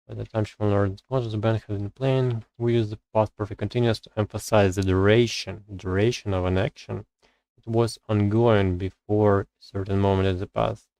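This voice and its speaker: A man on a live stream working through English grammar exercises, reading rules aloud and thinking out loud with hesitant pauses as he searches for words. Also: lowish voice, gravelly, no echo, rough recording.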